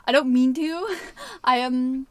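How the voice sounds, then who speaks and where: A woman's voice: high voice, animated, takes it slowly, no room sound. A young woman with a Wiltshire accent hosts a casual livestream on a narrowboat, answering viewer comments in a chatty, bubbly way and sometimes tripping over her words. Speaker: livestream host.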